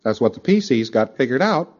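Man lecturer, animated pitch, chatty asides to the room, dull lo-fi tape. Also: fairly quick. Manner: conversational, with frequent asides to the audience. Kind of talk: recorded lecture.

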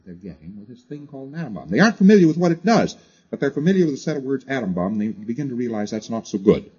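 Husky-voiced man lecturing a class. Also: medium pitch, very animated, rapid-fire, darkish tone, dull audio. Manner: conversational, drives points home with repetition and "you see" asides.

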